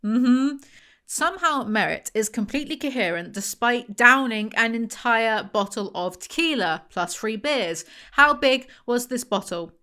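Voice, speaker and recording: A woman's voice: fairly high pitch, animated, moderate pace, few pauses, sharp tone. A woman chatting casually as a book reviewer, rambling and sarcastic, going off on tangents. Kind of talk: casual chat.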